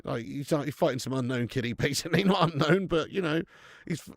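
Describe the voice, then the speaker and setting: A man's voice: on the high side, a little fast, creaky, no echo, clean studio sound. Sweary man hosting a live match chat. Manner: casual and sweary, reads out viewer names; laughs between lines, lively banter. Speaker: watch-along host. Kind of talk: live football watch-along chat.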